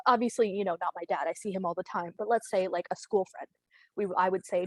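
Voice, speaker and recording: A woman's voice: mid-range voice, fairly even intonation, fast talker, darkish tone, no echo, low-quality recording. A woman in her thirties performs stand-up over a video call, rambling and laughing at her own lines. Her voice sits mid-height and sounds close and dry, with no room around it. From Canada. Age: 30s. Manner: rambling, self-deprecating, with frequent laughs and fillers. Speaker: comedian. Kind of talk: stand-up comedy at a virtual open mic.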